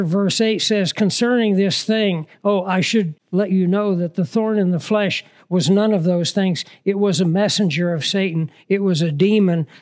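A man's voice: high voice, darkish tone. A man preaching a sermon in a conversational manner, mixing scripture reading with humorous asides.

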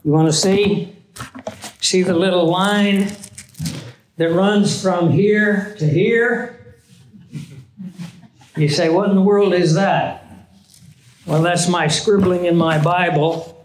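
A man's voice: high-pitched, fairly even intonation, takes it slowly, long pauses, reverberant, slight background noise, low-quality recording. A man teaching a Bible lesson in an earnest, conversational sermon style, often asking his listeners questions.

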